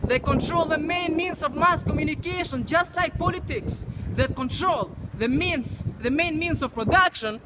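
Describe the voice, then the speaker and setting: High-voiced man ranting in the wind. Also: normal speed, hardly any pauses. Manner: repetitive, declamatory ranting. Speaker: street protester. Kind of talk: outdoor protest speech. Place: outdoors on a windy street. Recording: loud wind noise on an outdoor mic.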